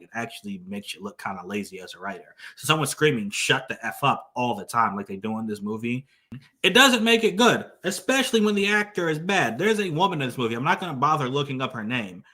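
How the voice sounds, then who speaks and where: A man's voice: mid-range voice, bright, forceful tone. A man giving a casual spoken movie review, blunt and exasperated, full of fillers and restarts.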